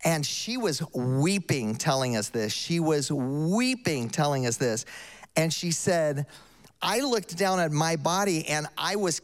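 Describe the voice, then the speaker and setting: Older male preacher, slightly raised pitch, casual storytelling sermon style with emphatic asides. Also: animated, measured pace.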